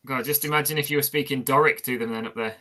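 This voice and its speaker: A man joining a casual live chat as a guest over a video call, talking quickly and eagerly. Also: medium pitch, steady tone, sharp tone.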